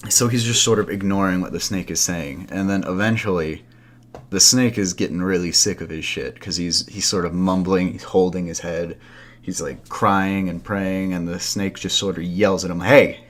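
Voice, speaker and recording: Deep-voiced man telling a campfire story. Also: fairly even intonation, moderate pace. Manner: loose, conversational, with asides and fillers. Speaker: podcast host.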